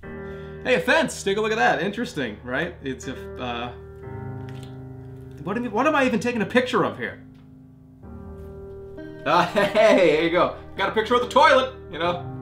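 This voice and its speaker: A man streaming with a voice that sits a little high and swings widely in pitch. His talk is loose, joking and full of swearing, with sudden loud bursts of laughter. Faint music plays behind him. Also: very animated, moderate pace, pauses often. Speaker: livestreamer. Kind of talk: casual livestream banter.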